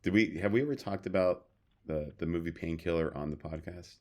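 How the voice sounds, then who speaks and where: A man's voice: low-pitched, brisk, a little hiss or hum. A man co-hosting a podcast, telling stories in a loose, rambling way. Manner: rambling storyteller, many fillers and restarts. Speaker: podcast co-host. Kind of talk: casual chat.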